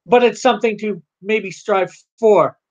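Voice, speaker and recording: Slow rambly artist talking to chat from home, kinda muffled lo-fi sound. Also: medium pitch, a little mellow. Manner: rambling, halting, thinks aloud while reading chat. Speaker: comic artist livestreaming. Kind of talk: casual livestream chat.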